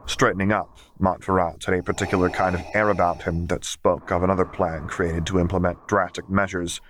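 A man narrating a fan fiction audiobook in a steady, measured storytelling manner. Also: deep voice, slight background noise. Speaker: audiobook reader.

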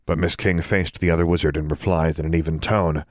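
A man reading a story aloud as a narrator, in a steady, measured way. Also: low-pitched, dry recording. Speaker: audiobook narrator. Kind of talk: scripted narration.

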